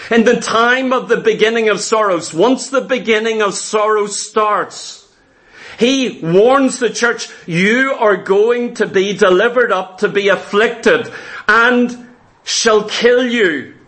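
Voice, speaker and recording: A man's voice: high voice, measured pace, a bit bright. A man preaching a sermon with urgent emphasis, asking the congregation rhetorical questions.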